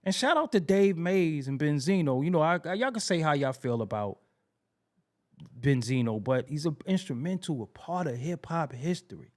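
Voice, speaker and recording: A man hosting a podcast, telling music history stories in a casual, animated way and repeating himself for emphasis. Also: fairly high pitch, moderate pace. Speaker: podcast host.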